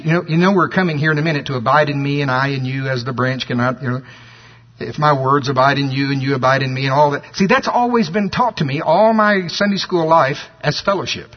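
Preacher, husky, on lo-fi tape. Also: male voice, medium pitch. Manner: reads scripture slowly, stressing key words. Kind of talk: sermon. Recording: dull lo-fi sermon tape.

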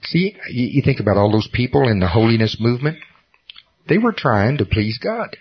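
A man's voice: mid-range voice, sing-song, normal speed, a little hiss or hum. A middle-aged man preaching a sermon, telling personal stories earnestly with self-deprecating humor. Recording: dull lo-fi recording.

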